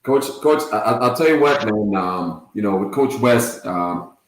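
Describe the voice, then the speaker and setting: A man's voice: lowish voice, unhurried. Guest, man, easygoing talker, peppers his talk with "man"; roomy echo on the voice. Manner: relaxed, many fillers like "you know what I mean", "man". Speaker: podcast guest, former football player and coach. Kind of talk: casual chat. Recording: echoey room.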